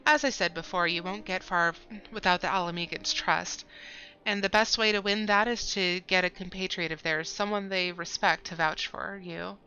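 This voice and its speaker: A woman reading a calm, measured male commander in a game, a bit lower and softer than her own voice. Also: muffled recording. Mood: advising.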